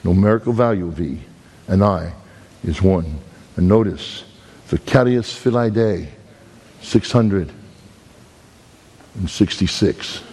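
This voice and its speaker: A man's voice: slow, pauses often, dark tone, slightly rough. A man with a Brooklyn accent preaching a sermon, telling stories and pressing his points with big swings in his voice. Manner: storytelling, dramatic swings in pitch, emphatic. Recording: long hall reverb.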